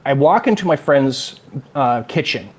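A man's voice: medium pitch, unhurried, breathy edge. A man from California with a Californian accent, a game designer chatting as an interview guest and acting out the people in his stories. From California, USA. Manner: animated storyteller, acts out quotes. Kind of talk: casual interview chat.

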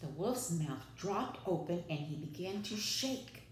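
A woman preschool teacher reads a children's story aloud with dramatic flair, her lowish voice rising and falling a great deal. The room is echoey, with a faint hiss underneath. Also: expressive, a little slow, hardly any pauses.

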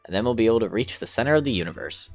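A man reading out a calm cosmic female guardian's instructions from a video game in his own plain voice. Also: lowish voice, rapid-fire, soft background music. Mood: explaining. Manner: plain read-aloud delivery.

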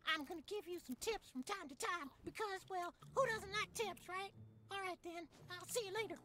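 A man's voice: extremely high pitch, moderate pace. An actor voicing a laid-back male talking towel in a game, drawling and friendly. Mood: mellow.

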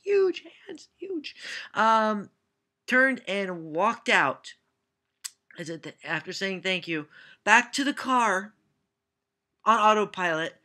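Her voice is medium in pitch and sharp, very animated yet slow, with long pauses. A Canadian woman, she answers viewers' questions in a casual vlog, wandering through anecdotes with frequent "uh" fillers and self-mocking remarks.

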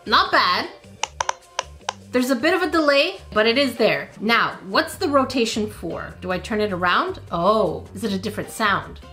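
A woman with a fairly high, lively voice hosts a casual let's-play of mobile games. She reacts out loud as she goes, with quick exclamations and laughter, over faint background music. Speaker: gaming video host.

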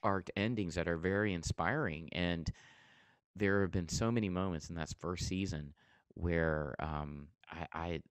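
Deep-voiced man telling a story. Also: steady tone, unhurried, smooth, dry recording. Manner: earnest storytelling with frequent restarts. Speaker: interview guest, comedian and TV host. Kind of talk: casual interview talk.

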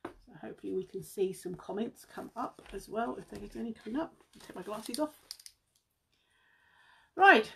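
A woman's voice: mid-range voice, a little hiss or hum. A British woman on a casual beauty live stream, chatty and a little out of breath, calling her viewers guys and humming to herself as she works. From United Kingdom. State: slightly out of breath. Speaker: beauty seller livestreaming.

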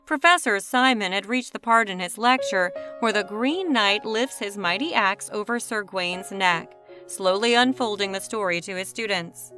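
Woman narrator, bright, clear reading voice, measured pace, faint music under her. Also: medium pitch. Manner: smooth, measured storybook reading. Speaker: storyteller. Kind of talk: scripted narration.

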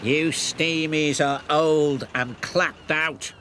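A man's voice: a little high, fairly even intonation, noisy background, voice pushed up. A man voicing a sneering, spiteful diesel engine. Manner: sneering, drawn-out and slow. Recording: loud background music.

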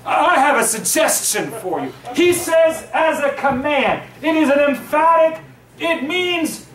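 A man pastor preaching a sermon from the pulpit, lively and joking with his congregation. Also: very high voice, a little slow. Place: church sanctuary, at the pulpit. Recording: echoey room, voice from far off.

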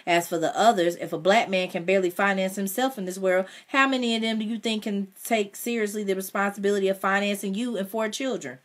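A woman reading a novel aloud in the first person, with expressive delivery and dialogue voiced in a higher tone. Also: fast, few pauses. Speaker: audiobook reader.

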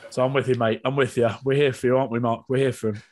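A man hosts a casual podcast with a voice of ordinary pitch. He banters and jokes at his own expense, dropping the odd swear word. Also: flat delivery, racing, a little mellow. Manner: joking, self-mocking, swears freely. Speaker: podcast host.

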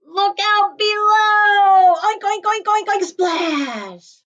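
A woman voicing a boisterous, cheerful pig in a storybook reading, loud and gleeful. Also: sits high, lively intonation, slow, dull audio, pitched above the performer's own voice.

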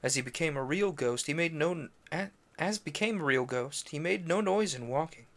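Expressive and fairly bright, this slightly high male voice reads a classic novel at a moderate pace on a stream. Casual narration is dotted with stumbles over French names, corrections, and brief offhand asides between passages.

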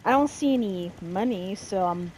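A woman's voice: mid-range voice, expressive, normal speed, darkish tone, a little hiss or hum, rough recording. Amused woman commenting on gameplay. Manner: amused, playful reactions. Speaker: gameplay streamer.

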